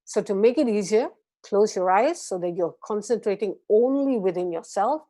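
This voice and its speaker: A woman from Malaysia guiding a group through a gentle voice and breathing exercise, patient and encouraging. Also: medium pitch, animated, normal speed. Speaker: voice and meditation instructor. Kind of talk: guided voice exercise class.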